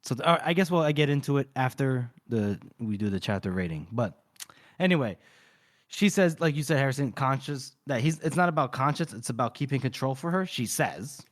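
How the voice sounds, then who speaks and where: Male podcast co-host, mid-pitched and even, laid-back plot recap for a book chat. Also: brisk. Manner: retells the plot in a loose conversational way. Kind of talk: casual book discussion.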